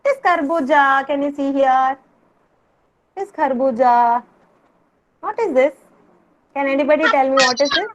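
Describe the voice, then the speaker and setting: A young woman teaching a kindergarten Hindi class over a video call, drilling words in Indian English with slow, patient repetition. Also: sits high, lo-fi sound, a little hiss or hum. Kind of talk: online class teaching children.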